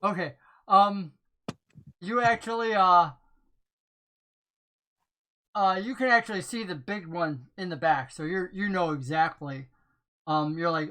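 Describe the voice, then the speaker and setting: A woman's voice: on the low side, a little slow, long pauses, pushed and bright. A woman narrating as game master in a casual tabletop role-play session, laughing often and briefly voicing other characters.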